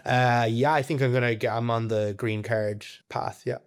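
A man's voice: medium pitch, fairly even intonation, moderate pace, clean tone. A young Irish man in his twenties, a podcast guest rambling in casual conversation with lots of filler words. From Ireland.

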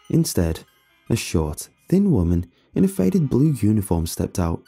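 Gravelly low-voiced male story narrator. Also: very animated, mellow, faint music behind. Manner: measured, storytelling delivery. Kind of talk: scripted first-person horror narration.

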